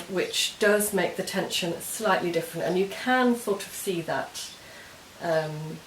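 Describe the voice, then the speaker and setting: A woman hosting a knitting podcast, chatting casually and explaining her projects step by step in a meandering way. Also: lowish voice. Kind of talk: casual show-and-tell chat. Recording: roomy echo with faint hiss.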